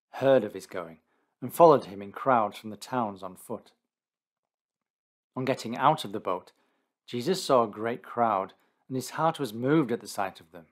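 A man narrating a condensed Bible reading in a steady, deliberate scripted style. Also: medium pitch.

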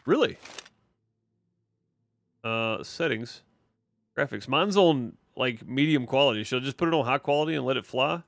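A man's voice: mid-range voice, lively intonation, moderate pace, vocal fry, long pauses, a bit bright, no echo, studio quality. A man with a Mississippi Southern accent, chatting casually as he streams a game and answers chat, rambling with lots of fillers. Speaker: gaming streamer. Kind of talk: casual live gameplay commentary.

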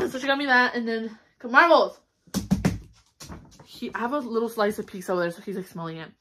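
A young vlogger chats to a camera on a stand at home, doing a casual haul video full of fillers and little squeals of delight. Her voice is a little high, a little fast and a bit bright, with slight hiss or hum in the recording.

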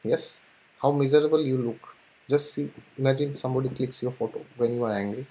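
A man gives an informal spiritual talk to his audience. His voice sits in a middle pitch, and he speaks with an animated rhythm, punctuating his ideas with repeated affirmations and short laughs. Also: brisk, a little hiss or hum. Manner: animated, repeats "yes" often, laughs between points. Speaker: spiritual and astrology channel host. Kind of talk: casual spiritual talk to camera.

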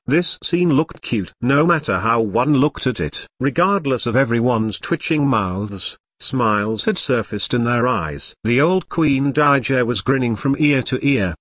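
Dry, lively-pitched male audiobook narrator. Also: measured pace, hardly any pauses, no room sound. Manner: machine-like reading, reads symbols aloud.

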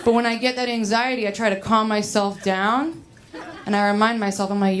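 A young woman doing a stand-up set, chatty and self-mocking, rushing through her rants. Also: a little high, fairly even intonation, background noise. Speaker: stand-up comedian. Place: comedy stage. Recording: live stage audio with laughter. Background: audience laughter.

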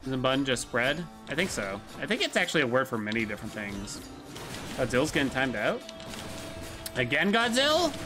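A man's voice: mid-range voice, big pitch swings, moderate pace, over music. A man streaming a video game, chatting casually and rambling with jokes to his chat as he plays. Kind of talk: casual gameplay commentary.

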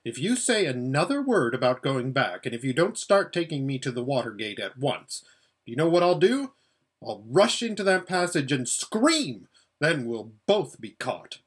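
A man's voice: medium pitch, big pitch swings, moderate pace, slightly rough. A man voicing a determined young girl on the run in a storybook reading, urgent and firm. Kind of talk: storybook read-aloud.

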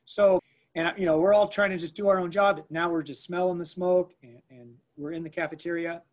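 Animated man telling a story, slightly high voice. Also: brisk. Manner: animated, lots of fillers and restarts, acts out quoted lines. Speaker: school staff member recounting an emergency. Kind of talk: conversational storytelling in an interview.

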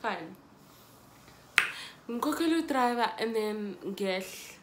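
A woman's voice: on the high side, animated, slow pace, reverberant, slight background noise. A young South African woman telling a dramatic storytime to her viewers. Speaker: YouTuber. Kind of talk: storytime vlog.

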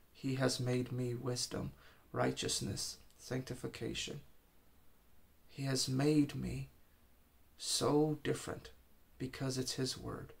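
Gravelly guy preaching, earnest and repetitive, mid pitch. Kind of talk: informal sermon.

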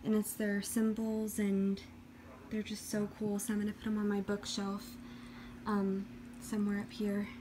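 Chatty woman, flat delivery. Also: medium pitch, a little slow, poor audio. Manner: chatty, gushing. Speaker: book vlogger. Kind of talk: casual vlog chat. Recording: background noise.

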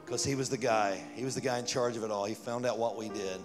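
A male pastor telling a story in a sermon, animated and rising to loud fervor. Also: medium pitch, fast. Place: church sanctuary. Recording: church hall reverb with music.

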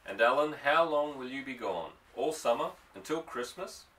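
A man reads an anxious young woman in an audiobook, her lines gloomy and sharp, in a bright, forceful voice. The voice sits a little away from the mic. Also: medium pitch, expressive, moderate pace, distant mic, natural voice, low-quality recording. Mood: worried. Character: young Scottish woman, worried and sharp-tongued.

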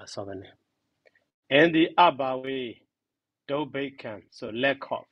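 A man teaching a grammar lesson, repeating each term slowly and giving its meaning. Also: medium pitch, animated, no room sound, highs cut off. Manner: slow, repeats terms and glosses them.

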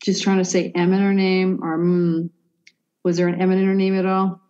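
A woman with a lowish voice works through a psychic reading, hesitating, restarting and leaning on "like" as she goes. The sound is dull and lo-fi. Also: level tone, moderate pace, dark tone. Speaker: psychic medium. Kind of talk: conversational reading for a sitter.

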